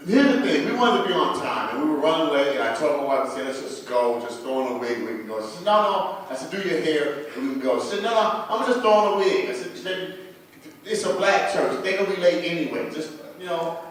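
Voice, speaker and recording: A man in his fifties tells rambling, profane stories at an open mic, breaking into laughter at his own lines. His voice sits a little high for a man. He is picked up from a distance in a very echoey small bar with some faint background noise. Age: 50s. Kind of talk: stand-up storytelling.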